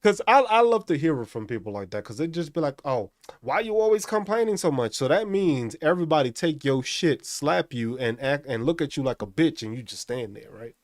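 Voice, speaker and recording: A man's voice: medium pitch, lively intonation, fairly quick, few pauses, dry recording, studio quality. A man hosting a profane, angry rant, mocking the people he talks about. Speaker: host. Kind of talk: profane ranting commentary.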